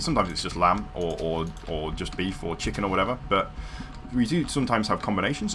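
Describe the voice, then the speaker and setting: Low-voiced, rambling British streamer. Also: male voice, sharp tone. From UK, near London. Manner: rambling, many fillers and restarts. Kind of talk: casual livestream chat while gaming.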